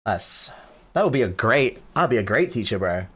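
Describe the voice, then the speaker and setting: A man's voice: medium pitch, very animated, quick pace, a bit bright, breathy edge. A man streaming casually and explaining chords in a joking, crude manner, full of swearing and fillers. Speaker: streamer teaching music production. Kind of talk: casual livestream chat.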